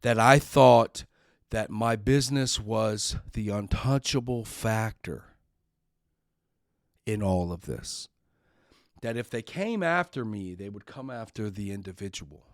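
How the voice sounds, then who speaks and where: A man's voice: on the low side, lively intonation, measured pace, dry recording, clean studio sound. A middle-aged man hosting a podcast, telling a personal story in an earnest, emotional way and sometimes repeating words when upset. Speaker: podcast host.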